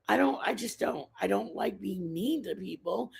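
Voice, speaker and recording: Her mid-range voice is husky and expressive, with vocal fry, normal speed, and hardly any pauses. She hosts a casual livestream, chatting and rambling with viewers and repeating herself, and comes from a Mexican family background.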